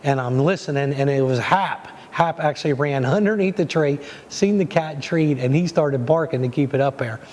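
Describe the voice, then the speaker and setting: A man's voice: a little high, moderate pace, few pauses, big-room sound, slight background noise. Man recounting a hunt, rambling voice-over. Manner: rambling, excited recounting with fillers. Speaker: hunting show host. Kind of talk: voice-over storytelling.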